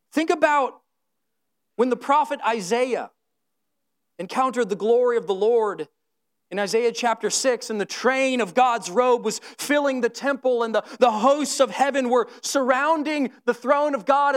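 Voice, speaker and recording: A preacher delivering a sermon in an earnest, conversational way, often checking in with the listeners with a quick "right?" and growing more fervent when speaking of holiness. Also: sits high. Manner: conversational and earnest, with tag questions.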